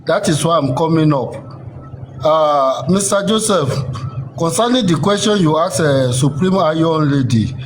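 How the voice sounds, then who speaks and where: A man's voice: a little high, lively intonation, unhurried. Polite man over background noise. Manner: polite, formal, insistent, with many fillers. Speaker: livestream participant asking a question. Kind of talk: formal questioning in a live debate. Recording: noisy live-stream audio.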